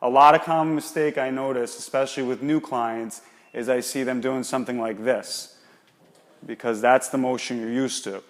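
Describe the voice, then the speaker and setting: A man's voice: medium pitch, fairly even intonation, normal speed, big-room sound. A man, an exercise specialist, explaining and demonstrating shoulder exercises in a coaching manner.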